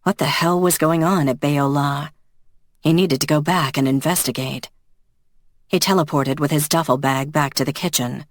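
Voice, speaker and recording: An audiobook narrator reading a paranormal romance in an even, measured storytelling voice. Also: medium pitch, no room sound, studio quality.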